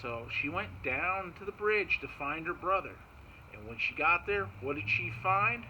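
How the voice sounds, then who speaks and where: A man telling a folk tale to children in an animated way, chanting little sound effects as he goes. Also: on the high side, normal speed, lo-fi sound, slight background noise. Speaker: park storyteller. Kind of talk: storytelling for children.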